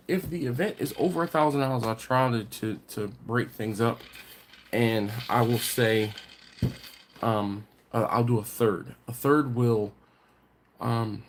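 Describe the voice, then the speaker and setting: A man's voice: mid-range voice, slow pace, slight background noise. Congested man chatting on a live stream. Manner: rambling, full of fillers and restarts. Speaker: host of a barbecue channel. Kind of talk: casual live-stream chat.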